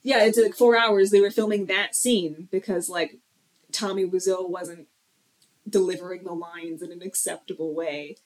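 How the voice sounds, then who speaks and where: A woman's voice: on the low side, fairly even intonation, moderate pace, poor audio. A woman chatting casually about a bad movie, her tone wry and playful. She laughs easily and drops dry jokes between points. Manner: wry, joking, laughs often.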